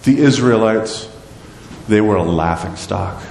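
A man preaching a sermon as pastor, animated and asking his congregation rhetorical questions. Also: on the low side, measured pace, vocal fry, slight background noise. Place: church sanctuary. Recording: echoey church hall with long reverb.

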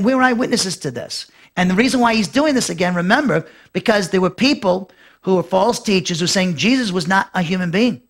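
High-voiced man teaching scripture. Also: fairly bright tone. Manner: rambling, with many fillers and restarts. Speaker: pastor teaching a Bible lesson. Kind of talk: expository Bible teaching.

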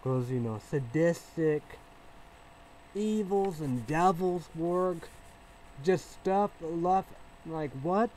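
A man rambles through a casual vlog monologue. He repeats himself and trails off into fillers, swinging between low mumbles and loud bursts. A faint hiss runs under his voice. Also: extremely slow, poor audio. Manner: rambling, repetitive, with many fillers and restarts. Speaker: vlogger.

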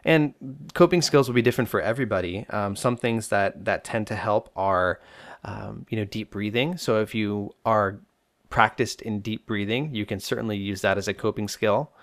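Low-voiced man giving self-help advice. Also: moderate pace, no echo. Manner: relaxed explanatory, addresses listener directly. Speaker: psychologist podcast host.

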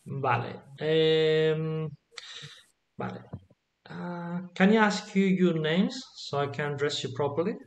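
A man's voice: a little high, slow, muffled recording. A man teaching Latin to a small group, patiently asking questions and checking that they follow. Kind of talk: online group lesson.

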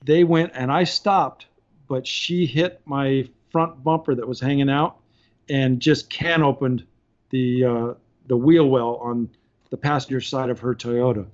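A man's voice: medium pitch, steady tone, unhurried, a little mellow, lo-fi sound. A man, a podcast guest, telling casual stories and laughing through his anecdotes. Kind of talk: casual storytelling.

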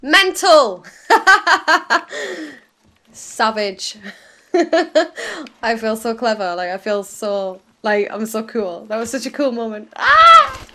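A woman's voice: a little high, very animated, slow pace, long pauses, background noise. A young woman swearing her way through gameplay commentary, bursting into shrieks and laughter. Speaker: gaming video host.

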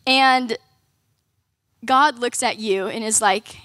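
A woman's voice: on the high side, slow pace, sharp tone, no room sound. A young woman giving a casual, conversational youth sermon, often saying "like" and "right?". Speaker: youth ministry speaker.

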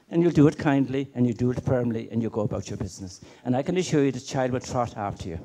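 Delivering a keynote at a conference, a middle-aged man speaks emphatically, leaning on stories and rhetorical questions. He has a dark, medium-pitched voice and talks quickly with hardly any pauses.

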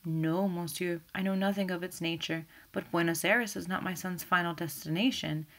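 A proud, composed middle-aged widow, read by a woman, speaking low and restrained with a gravelly edge. The voice sits fairly low. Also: fairly even intonation, moderate pace, lightly acted.

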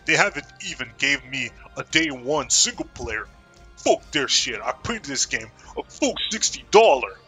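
A man's voice: medium pitch, very animated, a little slow, music in the background. A man voicing a furious male gamer who swears as he rants about his purchase. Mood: aggrieved. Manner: swearing, aggrieved ranting. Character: furious male gamer cursing a game company.

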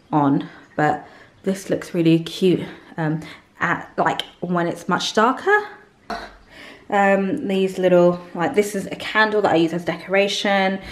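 A young woman vlogging, chatting casually through a show-and-tell of her products with lots of ums and likes. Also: on the low side. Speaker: beauty vlogger.

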